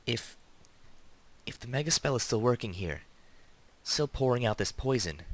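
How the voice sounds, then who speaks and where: A man doing a tearful gentle pony mare. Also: medium pitch, animated, a little fast, voice pushed up. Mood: determined. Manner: tearful, trembling voice.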